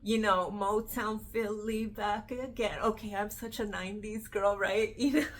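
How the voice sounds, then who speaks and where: A woman in her forties from the United States, chatting to camera in a casual vlog, animated and slangy. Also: medium pitch, measured pace. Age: 40s. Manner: animated, chatty, slangy with frequent "yo" and "you know". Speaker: vlogger, actress.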